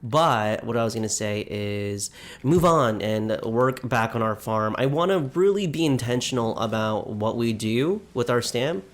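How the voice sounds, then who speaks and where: A man's voice: mid-range voice, lively intonation, a little slow. Male let's-player, casual running commentary, self-deprecating, slightly out of breath. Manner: chatty, self-deprecating, talks to viewers. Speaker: let's play gamer.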